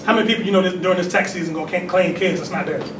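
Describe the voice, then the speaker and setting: High-voiced man preaching in an echoey hall. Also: racing. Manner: conversational preaching, frequent "right?" tag questions. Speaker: temple leader giving a talk. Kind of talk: call-and-response religious lecture. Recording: echoey distant room recording with noise.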